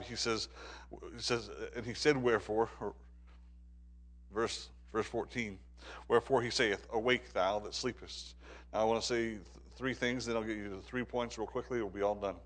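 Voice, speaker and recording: A man preaching a sermon, often repeating and restarting words as his delivery swings from quiet reflection to urgent, rising exhortation. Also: mid-range voice. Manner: stammering restarts.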